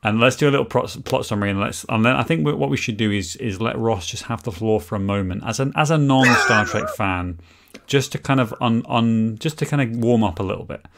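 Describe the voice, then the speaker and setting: Man, mid pitch, chatty, restarts, casual podcast chat. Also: brisk, gravelly, a bit bright. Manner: chatty, self-correcting, laughs often. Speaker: podcast co-host.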